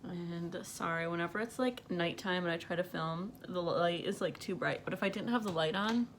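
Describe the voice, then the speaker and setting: A woman's voice: on the low side, normal speed, slight background noise. Breathless young woman chatting about makeup. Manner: rambling, filler-heavy, laughs often. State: out of breath from pregnancy. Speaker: beauty vlogger. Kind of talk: casual makeup chat to camera. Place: bedroom at night under bright light.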